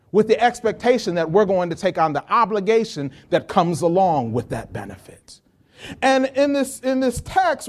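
A pastor preaching a sermon in a high-pitched voice, stumbling over repeated words and chuckling easily. He speaks in a playful, informal way with his congregation.

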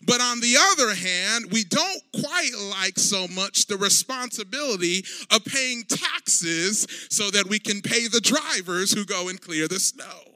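Man, pastor preaching, originally from Liberia, rising shouts, dry close sound. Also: sits high, smooth, dry recording. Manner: preaching with dramatic swells, drawn-out emphasis and rising shouts. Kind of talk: sermon.

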